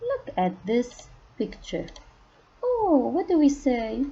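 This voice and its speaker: A woman teaching a phonics lesson to young children, speaking patiently and stressing each target word loudly. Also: on the high side, big pitch swings, slow pace, husky, dull audio. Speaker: kindergarten English teacher.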